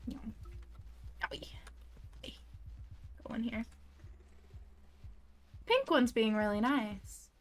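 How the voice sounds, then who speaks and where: Slow-talking young woman gamer who squeals. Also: fairly high pitch, expressive. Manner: chatty, easily startled, squeals and apologizes to creatures. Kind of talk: casual let's-play commentary.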